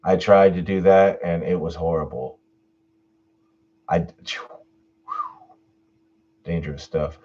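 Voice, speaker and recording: A man with a lowish voice chats at an unhurried pace, swinging his pitch freely as he laughs his way through requests. He talks to his viewers in a relaxed, casual manner. The sound is dull and lo-fi, from a home mic. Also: slight background noise. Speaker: YouTube horror story narrator. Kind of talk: casual Q&A chat.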